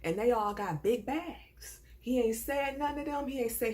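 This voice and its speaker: A young woman from the American South with a Southern accent, telling a personal story in a casual, animated and indignant way. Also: a little high, moderate pace. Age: young adult. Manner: animated, indignant, swings between hushed asides and raised outbursts.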